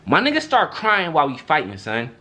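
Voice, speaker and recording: A young man vlogging a storytime in a loose, slangy way, acting out what others said with big jumps in his voice. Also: fairly quick. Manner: animated, slangy, acts out quotes with big pitch jumps. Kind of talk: storytime monologue.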